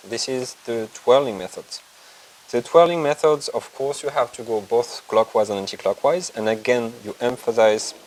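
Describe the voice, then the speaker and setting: A man explains acupuncture technique in a calm, methodical way, pausing now and then to find his words. His voice sits a little low, and a faint hum of room ambience runs underneath. The delivery is that of a clinical teaching demonstration. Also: rough recording. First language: French. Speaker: acupuncture lecturer.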